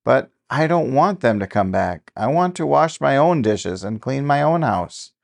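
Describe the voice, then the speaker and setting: A man's voice: mid-range voice, lively intonation, a little slow, gravelly, darkish tone, pitched above the performer's own voice. A man voicing a young newlywed woman, a pastor's wife, speaking in a raised, pleading tone. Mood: indignant.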